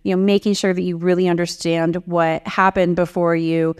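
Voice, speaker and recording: Candid woman CEO with a smooth voice. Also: on the low side, little pitch movement, moderate pace, a little mellow. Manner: candid, reflective, self-critical. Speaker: CEO and author. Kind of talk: interview answers, storytelling.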